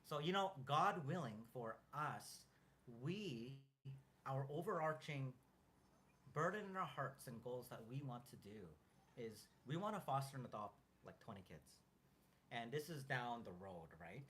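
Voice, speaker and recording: Earnest man talking in halting restarts. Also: mid-range voice, lively intonation, a bit bright, slight background noise. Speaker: co-host. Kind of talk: casual chat.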